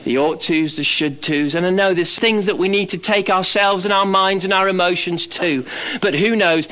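A man preaching a sermon as pastor, animated, swinging from loud emphatic lines to low quiet ones. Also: normal speed.

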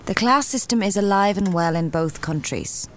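A woman's voice: medium pitch, moderate pace, a little hiss or hum, close to an everyday voice. An actress in her thirties playing a cold, mocking woman suspect with an English accent. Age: 30s. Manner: cool, mocking.

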